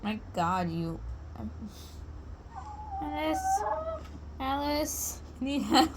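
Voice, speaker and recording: A woman's voice: a little high, sing-song, takes it slowly. A woman vlogger talking casually to her pet chickens, scolding them in an exasperated way. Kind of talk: casual talk to animals. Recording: loud background clucking noise. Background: chickens clucking.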